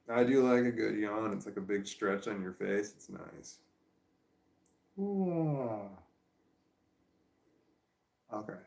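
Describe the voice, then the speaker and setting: A man's voice: fairly low pitch, steady tone, normal speed, gravelly, few pauses, darkish tone, roomy sound. A tired man in a casual vlog, rambling and arguing with himself at home. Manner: talks to himself, argues with himself, laughs and sighs. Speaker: vlogger. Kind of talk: rambling self-talk vlog. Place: at home on a couch with his dog.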